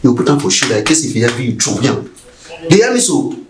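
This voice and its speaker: A man's voice: medium pitch, sing-song, fast, roomy sound, close to an everyday voice. A man playing a cynical Nigerian cop. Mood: scornful. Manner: scornful lecturing in Pidgin. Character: corrupt cynical male police officer. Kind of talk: film acting.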